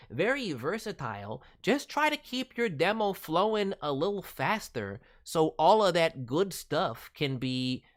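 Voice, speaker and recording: A voice actor on a livestream offers casual advice about demos and voice work in a high-pitched, slightly bright voice. He's chatty and encouraging, packing his talk with fillers and quick asides.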